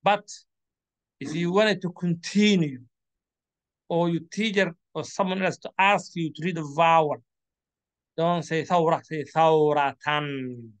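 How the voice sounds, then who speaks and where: A man with a Somali accent leads a Quran reading lesson in English, with a fairly high voice. He talks very slowly and deliberately, repeating and stretching each syllable so learners can follow. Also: fairly even intonation. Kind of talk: slow classroom instruction.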